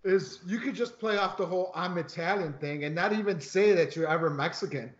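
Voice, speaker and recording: A man in casual podcast chat, telling animated, profane stories about work. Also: high-pitched, brisk. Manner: animated storyteller, swears a lot. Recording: echoey, dull lo-fi sound.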